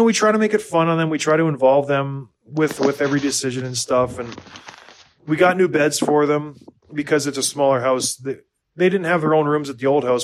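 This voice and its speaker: A rambling American man in his thirties chats loosely on a podcast. He stumbles and restarts often and pokes fun at himself, at a mid-range pitch. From United States. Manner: rambling, self-deprecating, lots of restarts and fillers. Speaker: podcast co-host. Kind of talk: casual chat.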